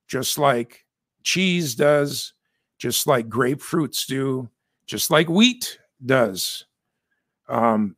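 A man's voice: on the high side, fairly bright tone, no echo, studio quality. A man from the United States giving chatty, self-correcting commentary with jokey asides. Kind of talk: casual spoken commentary.

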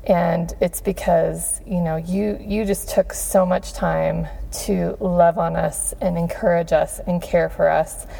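A podcast host in her thirties giving heartfelt thanks, gushing, with frequent pauses and fillers. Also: lowish voice, fairly even intonation, gravelly, warm tone. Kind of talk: heartfelt Father's Day shout-outs.

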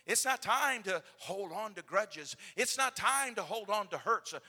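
A preacher with a strikingly high, bright voice delivers his sermon in a big reverberant hall. He tells the story like a storyteller, dropping to a hush and then rising loud. His voice stays sharp and tense throughout. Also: lively intonation, unhurried, slightly rough. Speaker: pastor.

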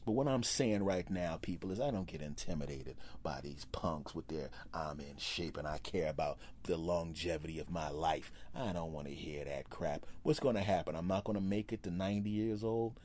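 A man's voice: deep voice, moderate pace, hardly any pauses, a little mellow, a little hiss or hum. A man hosting his own podcast, delivering a comedic solo rant, mock-tough and self-deprecating with sarcastic asides. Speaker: podcast host.

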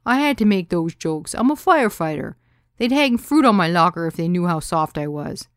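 A woman doing a burly, soft-spoken firefighter guy. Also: on the low side, lively intonation, moderate pace, no echo, clean studio sound, close to an everyday voice. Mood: earnest. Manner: sheepish, earnest. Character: burly gentle male firefighter, earnest.

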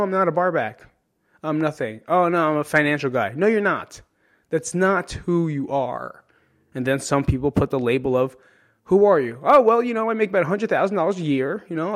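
A man hosting a podcast in a casual monologue, animated and swearing freely as he jumps between tangents. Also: medium pitch. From New Jersey. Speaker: podcast host.

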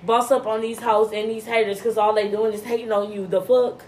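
A woman's voice: a little high, level tone, fairly quick, darkish tone, slight background noise. A woman co-hosting a podcast, giving a brash, profane pep talk in casual chat. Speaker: podcast co-host.

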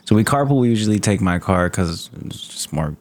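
A young man with a fairly low voice, talking casually on a podcast. He tells a long, wandering story and swears constantly, piling on asides as he goes. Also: animated, fairly quick, slight background noise. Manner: profane, rambling storyteller. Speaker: podcast co-host. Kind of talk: casual chat.

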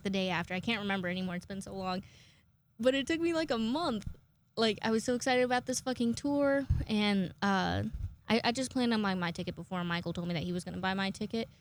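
A woman in her twenties chatting casually to her viewers, rambling and self-mocking, swearing often and jumping into high-pitched acted quotes. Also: a little fast, slight background noise. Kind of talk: casual chat to camera.

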